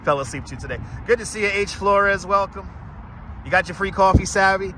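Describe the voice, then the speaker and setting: Brief: talkative New guy, raised-ish pitch, bright edgy tone, clip-on mic on a city walk, faint traffic behind. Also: brisk. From Brooklyn, New York. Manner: chatty, rambling, greets viewers by name. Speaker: live-stream host. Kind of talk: casual walking live stream. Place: outdoors on city streets, walking. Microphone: wireless clip-on mic.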